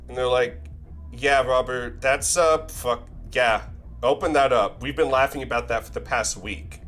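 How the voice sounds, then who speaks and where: A man's voice: medium pitch, very animated, slow pace, fairly bright tone, faint music behind. A young man streaming, telling a rambling, profane, self-deprecating story in a casual way into a desk mic.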